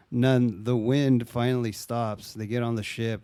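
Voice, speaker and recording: A man's voice: mid-range voice, flat delivery, moderate pace, dark tone, clear, resonant tone, no echo. A young man casually retelling a movie plot, swearing often and acting out the characters' lines. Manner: laid-back, swears often, acts out quotes.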